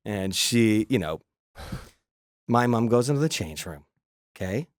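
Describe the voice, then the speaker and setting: A man from Canada, a guest comedian telling a story in casual chat, animated and slipping into voices. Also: fairly low pitch, unhurried. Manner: animated, jumps into character voices.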